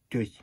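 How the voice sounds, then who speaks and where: A man voicing a childlike, curious male hedgehog who reads a children's storybook aloud, using baby-talk grammar and little gasps. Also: warm tone. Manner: baby-talk grammar, gasping, playful protests. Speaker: storybook reader. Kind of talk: children's read-aloud with character voice.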